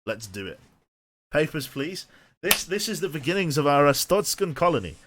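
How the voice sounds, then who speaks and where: A man's voice: fairly high pitch, big pitch swings, fast, noisy background. A man streaming a game, thinking aloud and rambling to himself with many restarts. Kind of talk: casual thinking-aloud gameplay commentary.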